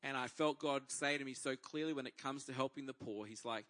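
An Australian man preaches with a bright, ringing voice. He tells a personal story in a lively way and voices the people in it as he goes. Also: medium pitch, brisk, hardly any pauses. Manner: lively storyteller acting out dialogue. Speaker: pastor. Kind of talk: sermon storytelling.

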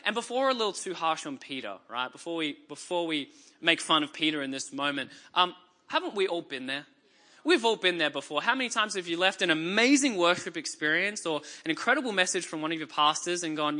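Bright-voiced Australian preacher. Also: male voice, high-pitched, lively intonation, normal speed. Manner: conversational and joking, reads scripture dramatically. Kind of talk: sermon. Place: church before a congregation.

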